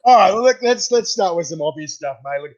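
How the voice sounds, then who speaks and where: A young Australian host talks excitably and laughs readily, racing through his stories. His voice sits a little higher than most men's. The audio is dull and lo-fi. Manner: excitable, laughing, quick storyteller. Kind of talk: casual chat.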